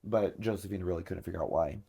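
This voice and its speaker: A man's voice: sits low, fast, vocal fry, mellow, slightly rough. A man hosting a podcast, telling a story in casual chat and filling it with lots of filler words. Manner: chatty, many filler words. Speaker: podcast host.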